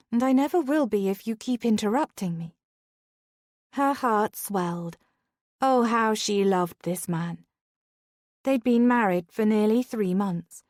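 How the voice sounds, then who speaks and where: A woman narrating a romance audiobook in a gentle, intimate storytelling manner. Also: medium pitch, dry recording, studio quality. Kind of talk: scripted narration.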